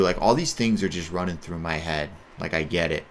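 A man's voice: low voice, a little fast. An American man in his thirties, a judo athlete, telling his own story in a candid, rambling way, full of "like" and "right?". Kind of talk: casual storytelling monologue.

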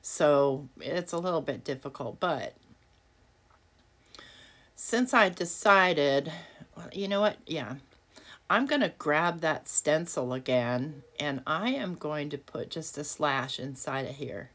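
A woman's voice: low-pitched, animated, takes it slowly, fairly bright tone. A woman hosting a casual crafting tutorial at her home desk, chatty and self-deprecating, often laughing at herself. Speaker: craft video host.

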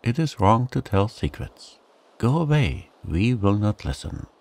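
A man's voice: lowish voice, big pitch swings, unhurried, creaky, a little mellow, exaggerated voice. A man voicing a chorus of timid little fairies in a bedtime storybook, anxious and pleading.

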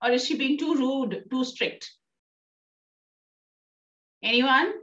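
Woman teacher with an Indian English accent, fairly high voice, coaxing, heard far from the mic in a roomy space. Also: slow, sharp tone. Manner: coaxing, checks with "right?" often. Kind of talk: classroom lesson explaining a play. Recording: distant, roomy, dull sound.

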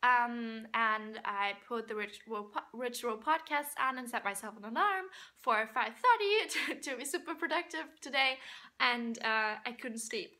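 A young adult woman with a fairly high, sharp-toned voice chats casually in a vlog while eating. Tired after a sleepless night, she's giggly and talkative, laughing often between sentences.

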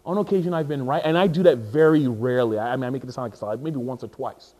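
A pastor delivers a sermon in an animated, joking way, frequently pausing to repeat himself and start his sentences over. He has a medium-pitched voice and speaks at a quick pace.

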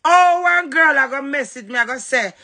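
A Jamaican woman on a heated livestream, cussing and confronting someone head-on. Her voice sits high and comes out gravelly and husky, with a sharp, bright edge. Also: normal speed. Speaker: social media livestreamer.

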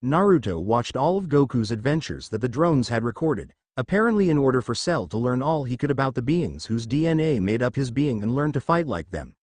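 A man narrating a fan fiction story in a steady storytelling manner. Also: mid-range voice, a little fast, hardly any pauses, no echo. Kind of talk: fan fiction audiobook reading.

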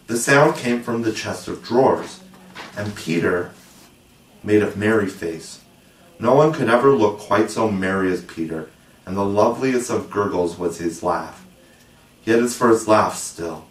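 A man narrating a classic children's novel as an audiobook, measured and gently expressive. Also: lowish voice, far from the mic. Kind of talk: audiobook reading. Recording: roomy echo, voice set back from the mic.

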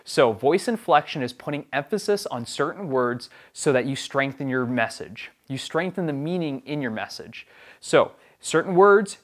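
A young adult man hosting a video about on-camera speaking, giving tips in an upbeat, emphatic coaching tone. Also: mid-range voice. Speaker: video production host.

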